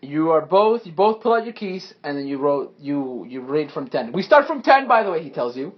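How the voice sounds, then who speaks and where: A man's voice: on the high side, lively intonation, moderate pace, muffled recording. A man narrating as game master, improvising loosely with laughs and swearing. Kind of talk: narrating a tabletop game with friends.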